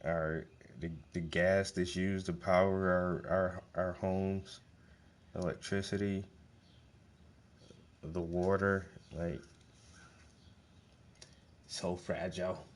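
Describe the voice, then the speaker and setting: A man with a low, deep voice talks in a loose, casual monologue. He is blunt and swears constantly, circling back on words to hammer a point home. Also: little pitch movement, slow, pauses often. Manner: profane, blunt, emphatic, repeats words. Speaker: host.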